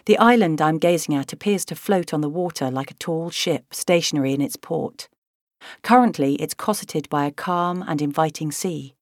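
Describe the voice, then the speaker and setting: A woman narrates a novel in the first person, measured and expressive. Her voice sits low, and the studio sound is close and dry with no room at all. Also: dry recording. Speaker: audiobook narrator. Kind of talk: scripted audiobook narration.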